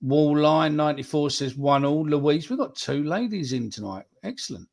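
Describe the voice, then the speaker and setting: A man's voice: on the high side, animated, normal speed, creaky, a little mellow. A man, hosting a casual live podcast chat, swearing freely as he reads out viewer predictions. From England. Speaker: podcast host.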